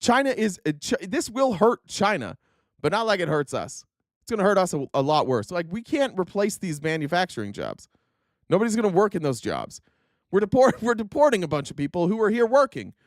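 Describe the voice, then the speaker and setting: A man's voice: high voice, big pitch swings, brisk, dry recording, clean studio sound. A man hosting a political live stream, ranting angrily with profanity and sarcastic mock impressions. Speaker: political livestream host.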